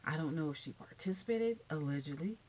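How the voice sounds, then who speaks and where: A middle-aged woman giving chatty, sassy gossip commentary, sometimes dropping to hushed asides. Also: deep voice, animated, fairly quick, lo-fi sound, slight background noise. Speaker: commentary vlogger.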